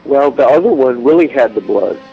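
A man's voice: mid-range voice, animated, fairly quick, slightly rough, highs cut off, faint music behind. A man telling blunt, graphic stories on a radio talk show. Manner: blunt, graphic, unashamed storytelling.

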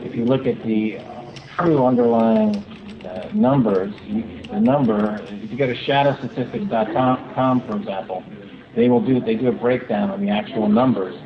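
A man calling in as a guest commentator, explaining economics in a steady, explanatory way over a call line. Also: medium pitch, highs cut off.

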